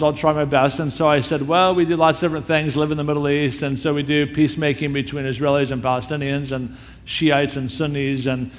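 A man telling a story as a sermon, animated and acting out the people he quotes. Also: a little high, a little hiss or hum. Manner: animated storyteller who acts out quoted voices. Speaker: speaker telling a story to a church audience. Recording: long hall reverb.

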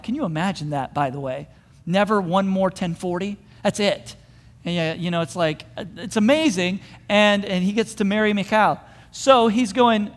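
A man with a high voice preaches a sermon, retelling a story with animated energy and jumping into the voices of the people in it. His words ring out with a long reverb, as if he is speaking in a large hall. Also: moderate pace. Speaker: pastor.

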